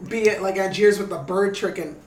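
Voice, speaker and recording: A man's voice: sits high, brisk, a little hiss or hum. A man co-hosting a podcast, talking bluntly and profanely about a movie and laughing often. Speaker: podcast co-host. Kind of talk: casual movie discussion. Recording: echoey room, off-mic.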